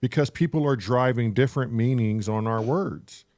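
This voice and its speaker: A man of middling pitch chats easily on a live stream, mostly nodding along with short agreeing replies. His voice sounds dry and close to the mic. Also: normal speed, a little mellow, dry recording. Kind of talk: casual chat.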